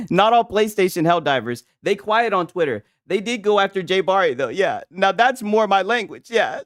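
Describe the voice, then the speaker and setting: A man's voice: sits high, sing-song, moderate pace, a bit bright, no echo, clean studio sound. A man hosting a casual gaming livestream, mocking his audience with frequent laughter and profanity. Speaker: gaming commentary streamer.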